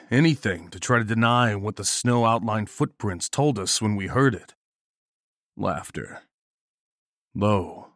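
A man narrating a first-person horror story in a grim, measured way. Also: on the low side, dry recording, studio quality.

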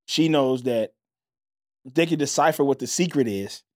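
A man co-hosting a podcast, chatting casually and acting out quotes with big, high impressions. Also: normal speed, a little mellow, dry recording, clean studio sound. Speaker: podcast co-host. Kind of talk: casual recap chat.

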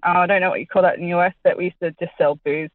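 A woman's voice: lowish voice, fairly even intonation, racing. An Australian woman in her thirties calling in, chatty and rambling with frequent giggles. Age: 30s. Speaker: caller. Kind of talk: casual phone-in chat. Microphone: phone call. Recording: tinny phone line.

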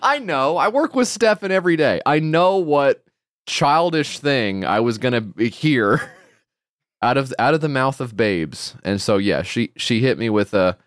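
Animated, laughing podcast host man. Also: mid-range voice, unhurried, no echo, studio quality. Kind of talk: casual chat.

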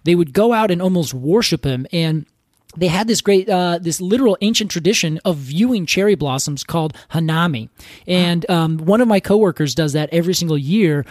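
Upbeat man, fairly high voice. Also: animated, fairly quick, darkish tone, dry recording, studio quality. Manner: enthusiastic, storytelling, many "like" fillers. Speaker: podcast co-host. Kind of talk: casual chat.

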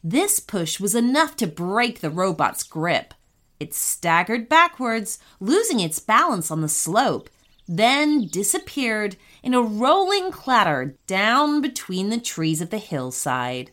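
A woman reading a children's story aloud in a slow, expressive way. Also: mid-range voice.

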